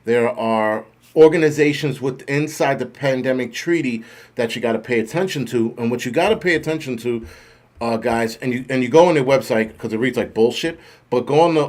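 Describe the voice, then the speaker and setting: A man's voice: medium pitch, a little mellow. Profane rambling middle-aged man host. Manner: swears constantly, rambling, self-mocking about getting old. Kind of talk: profane casual livestream rant.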